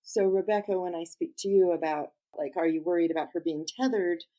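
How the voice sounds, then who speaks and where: Gentle woman coach, warm mellow tone. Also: fairly low pitch, poor audio. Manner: gentle, thoughtful, measured. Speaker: coach, interview guest. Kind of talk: reflective interview answers.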